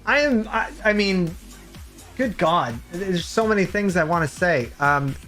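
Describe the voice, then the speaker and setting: Slow, lively-voiced male game streamer. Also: faint music behind. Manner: rambling, hesitant, bursts into excited high-pitched reactions. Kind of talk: live gameplay stream chat.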